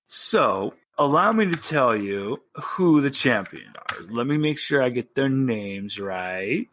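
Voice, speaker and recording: A man running a tabletop wrestling role-play as game master, narrating and switching quickly between characters. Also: mid-range voice, expressive, a bit bright.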